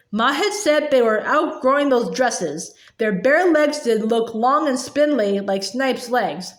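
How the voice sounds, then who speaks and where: A woman reading a children's book aloud in a halting way, with fillers and restarts. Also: sits high. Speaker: reader. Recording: echoey room.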